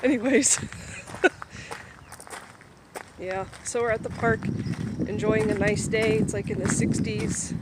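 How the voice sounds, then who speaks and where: A chatty woman from Ohio films herself walking through a park, rambling and laughing between thoughts. She is slightly out of breath as she walks quickly with a handheld phone. Steady wind and outdoor noise wash across the recording. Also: mid-range voice. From Boardman, Ohio. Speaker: vlogger. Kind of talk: casual walking vlog. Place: outdoor park, windy day. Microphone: handheld phone camera while walking.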